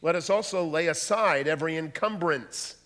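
Guy preaching a sermon, kinda high voice, big echoey church hall, goes quiet then loud. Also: normal speed. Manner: dramatic, swings from hushed to loud. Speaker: pastor. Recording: long hall reverb.

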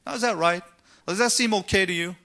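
A man's voice: high-pitched, quick pace, pushed and bright. A man preaching a sermon, asking rhetorical questions and retelling scripture stories dramatically. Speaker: pastor.

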